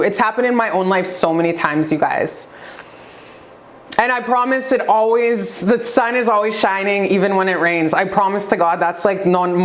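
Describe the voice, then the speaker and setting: A young woman giving a spiritual motivational talk to her viewers, emphatic and preachy, repeating phrases for effect in a forceful way of speaking. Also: mid-range voice. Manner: forceful, says she talks aggressively. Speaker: vlogger.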